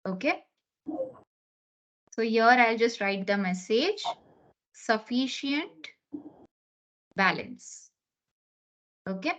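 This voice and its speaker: A woman's voice: high voice, a bit bright. A woman teaching an online class, explaining step by step and often checking in with "okay?". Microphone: computer mic on a video call. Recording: lo-fi online meeting recording.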